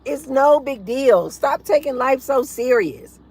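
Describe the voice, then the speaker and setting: Raspy-voiced laughing woman livestream host. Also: high-pitched, a little slow. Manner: laughing often, animated and blunt. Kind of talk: casual livestream chat.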